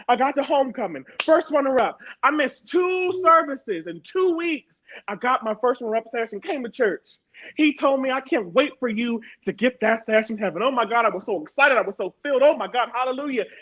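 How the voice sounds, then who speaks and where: A woman from Harrisburg, Pennsylvania, speaks as a panel guest in a strikingly high voice, pressing her points with emphatic repetition. The sound is dull and lo-fi. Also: fairly bright tone. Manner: emphatic, repeats words for stress. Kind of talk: personal testimony in a panel talk.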